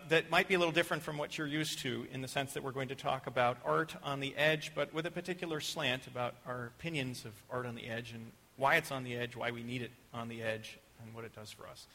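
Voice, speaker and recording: A man's voice: medium pitch, sharp tone, in a large hall. A man opening a seminar talk in an upbeat way, with frequent fillers. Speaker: speaker.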